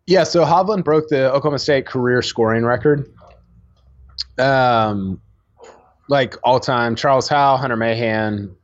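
A man's voice: medium pitch, lo-fi sound. A man co-hosting a casual sports podcast, chatty and full of fillers and restarts. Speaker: podcast co-host.

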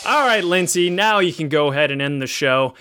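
A man's voice: a little high, animated, fairly quick, pushed and bright, faint music behind. A man hosting a podcast in casual, sarcastic chat, teasing his co-host.

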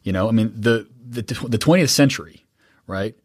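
A man's voice: fairly low pitch, moderate pace, slightly rough, dry recording, studio quality. A man hosting a podcast, chatting casually and self-deprecatingly with many fillers. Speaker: podcast host. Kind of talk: casual interview chat.

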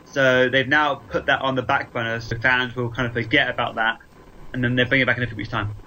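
A man's voice: medium pitch, flat delivery, brisk, pushed and bright, slight background noise, rough recording. An English man co-hosting a casual wrestling chat show, joking about himself as he talks. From England. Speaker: podcast co-host.

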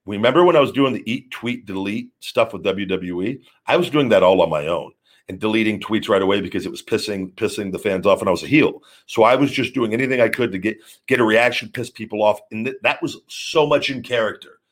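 Deep-voiced blunt rambling man. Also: a little fast. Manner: rambling, blunt, swears freely. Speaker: show host. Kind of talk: casual live-stream talk.

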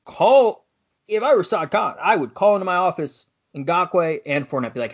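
A man's voice: high voice, lively intonation, moderate pace. A man co-hosting a casual sports podcast, petty and joking as he imagines himself running a team. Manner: petty, joking, role-plays as a general manager. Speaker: podcast co-host. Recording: dull lo-fi podcast audio.

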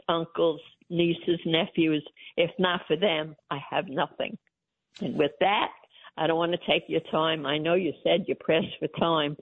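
An older woman, calling in as the host's mother, talking in an effusive, emotional and pleading way. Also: fairly low pitch. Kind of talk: phone-in chat. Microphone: phone. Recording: tinny phone line.

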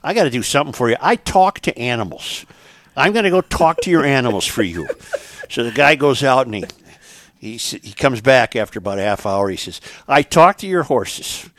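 An older man spinning jokes on a talk show, his pitch swinging widely as he acts out the characters. The sound is dry and close. He talks casually, like an old friend at the table. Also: brisk, no room sound. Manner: animated joke-teller, voices characters in stories. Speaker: radio talk show regular. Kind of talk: casual chat, storytelling.

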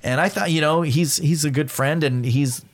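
A middle-aged male voice actor chatting casually on a podcast, animated and full of fillers. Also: on the high side. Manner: fast, animated storytelling with many fillers. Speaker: guest voice actor.

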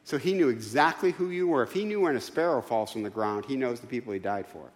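A man's voice: medium pitch, fast, in a large hall. A man preaching a sermon in a church, emphatic and full of rhetorical questions. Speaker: pastor. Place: church sanctuary.

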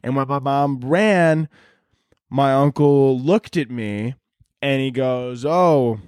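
A young podcast host rambles through crude, profane, joking stories on his solo show. His medium-pitched voice is slow, darkish, clear and resonant, recorded in studio quality with no echo.

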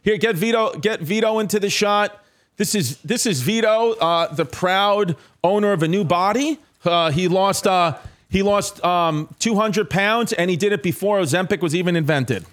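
A man's voice: high-pitched, normal speed, a bit bright. A man hosting a podcast, rambling and joking in casual chat with plenty of fillers. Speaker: podcast host.

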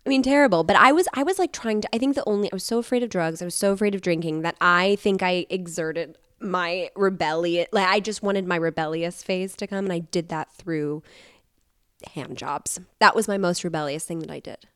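Woman, lowish voice, casual storytelling, animated, self-deprecating, dry close mic. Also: fairly quick, clear, resonant tone, dry recording.

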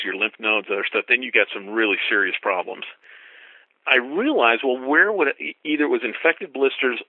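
A man's voice: mid-range voice, no room sound. Middle-aged man telling a story over a tinny line. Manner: lively, acts out dialogue with rising voice for quotes. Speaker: thru-hiker guest. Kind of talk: storytelling anecdote. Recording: tinny phone-line recording.

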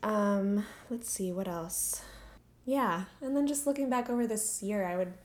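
A woman's voice: mid-range voice, unhurried. A young adult woman hosting a podcast, talking candidly and earnestly in a conversational way, a little out of breath. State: slightly out of breath. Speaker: podcast host. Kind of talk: personal reflective talk.

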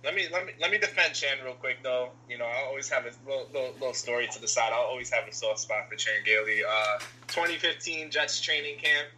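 A man on a football podcast, blunt and needling, telling quick anecdotes. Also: mid-range voice, pushed and bright, a little hiss or hum, poor audio. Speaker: podcast co-host. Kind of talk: casual sports debate.

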